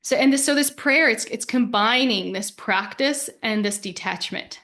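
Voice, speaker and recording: A woman with a somewhat high voice speaks in a gentle, earnest way as she hosts a spiritual podcast. She reflects aloud and often repeats a word before going on. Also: moderate pace. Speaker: podcast host.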